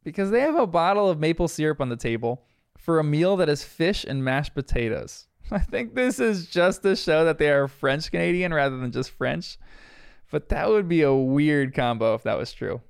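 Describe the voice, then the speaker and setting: A man's voice: on the high side, expressive, moderate pace, creaky, clear, resonant tone, no room sound, clean studio sound. A young man giving a casual, chatty recap of a cartoon episode, reflective and full of fillers. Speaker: episode reviewer.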